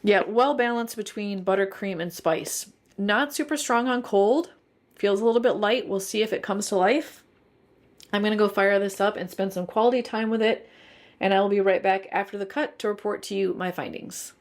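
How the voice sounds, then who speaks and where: A woman's voice: mid-range voice, moderate pace. A woman, giving a chatty, detailed candle review and thinking aloud as she goes. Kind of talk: casual review vlog.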